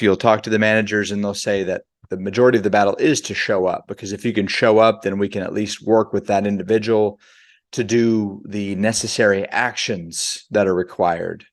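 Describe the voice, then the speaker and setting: A man leading a sales team, giving a conversational motivational talk that stops to define words. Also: on the low side. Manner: conversational, defines words aloud, shifts pace often.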